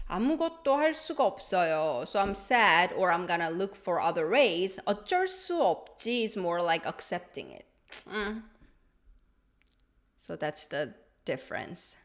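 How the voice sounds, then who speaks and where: A woman's voice: medium pitch, a bit bright. Woman teaching a language lesson. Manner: explains slowly, switches between English and Korean, chuckles often. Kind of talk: live-stream language lesson.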